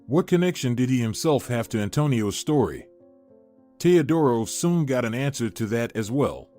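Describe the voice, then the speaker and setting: A man reading a scripted story in an even, steady storytelling manner. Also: medium pitch, normal speed. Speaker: narrator. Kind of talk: scripted narration. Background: faint music.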